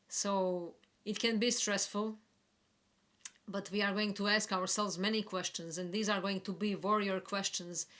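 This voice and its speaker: Woman, astrology forecaster; slow, gentle, reflective delivery at mid pitch. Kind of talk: spiritual forecast talk.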